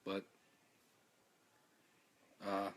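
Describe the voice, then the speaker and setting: A worn-out man giving an earnest live video statement to his followers, halting and stuttering, repeating his words. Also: fairly bright tone. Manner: earnest, heartfelt. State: exhausted. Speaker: activist streaming a live video.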